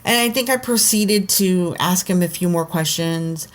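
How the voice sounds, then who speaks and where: A woman's voice: fairly low pitch, moderate pace. A woman co-hosting a podcast, telling a personal story in a rambling way with many fillers, sometimes acting out what others said. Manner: rambling, filler-heavy, acts out quoted voices. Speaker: podcast co-host, intuitive.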